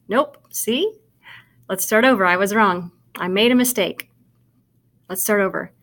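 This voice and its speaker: This kindergarten sight-word lesson is led by a woman whose voice is medium-pitched and a little bright, moving at a moderate pace with long pauses. Patient and slow, she sounds out and spells every word for young children, speaking directly to the viewing child and offering encouraging praise throughout.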